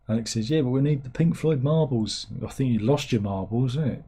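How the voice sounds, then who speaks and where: A man's voice: mid-range voice, fairly quick, hardly any pauses, dark tone, husky. A middle-aged man, hosting a livestream in casual chat. He rambles and mocks himself as he reads out viewers' comments. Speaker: livestream host.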